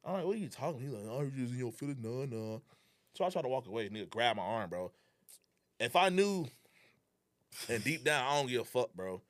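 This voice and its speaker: A young male guest with a mid-range voice talks briskly, with long pauses, in a casual chat. He tells a personal story and reenacts the dialogue in an animated way, full of slang and swearing.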